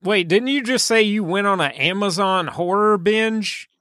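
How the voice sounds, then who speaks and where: A man co-hosting a casual movie podcast, excitable and sarcastic, swearing freely. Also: high-pitched, unhurried, dry recording, clean studio sound. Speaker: podcast co-host.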